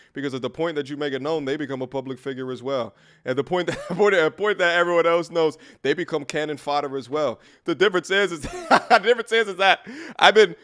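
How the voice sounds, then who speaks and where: Guy streaming reactions, bright voice, loose and chatty. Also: a little high. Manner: laughing, loose, rambling with restarts. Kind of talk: casual reaction commentary.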